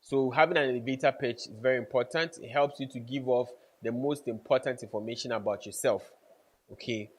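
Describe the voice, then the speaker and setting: A man's voice: medium pitch, fairly quick, husky. A man giving networking advice to camera, emphatic, repeating key points and checking in with his listeners. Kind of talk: casual instructional talk to camera.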